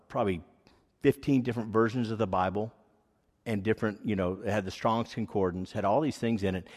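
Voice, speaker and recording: A man with a fairly low pitch and a darkish tone gives an earnest, rambling personal testimony as a sermon. He tells his story with frequent fillers, and the recording carries echoey hall reverb.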